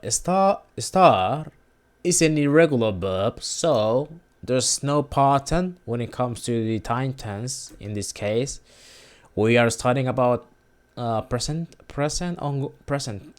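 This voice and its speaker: A man hosting an informal language lesson, speaking haltingly with frequent restarts and words repeated for drilling. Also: medium pitch, animated.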